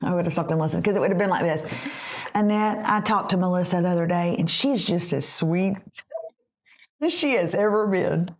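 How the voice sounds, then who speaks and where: A woman hosts a podcast, telling a family story in a confiding, animated way. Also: lowish voice, normal speed. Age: 40s. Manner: animated, confiding, acts out the people in her stories. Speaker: podcast host. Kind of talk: casual storytelling chat.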